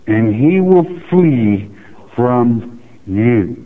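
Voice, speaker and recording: Male preacher, unhurried delivery, joking asides, thin phone-like recording. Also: mid-range voice, lively intonation. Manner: folksy, teasing asides. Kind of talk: verse-by-verse Bible teaching. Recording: tinny phone-like audio.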